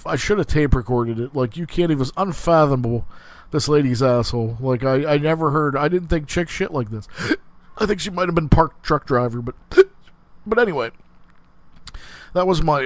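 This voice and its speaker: A man's voice: mid-range voice, dry recording. Guy hosting a podcast, swearing a lot, tripping over his words, dry close mic. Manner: rambling, many fillers and restarts, laughs through stories. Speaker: podcast host. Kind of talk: casual profane storytelling.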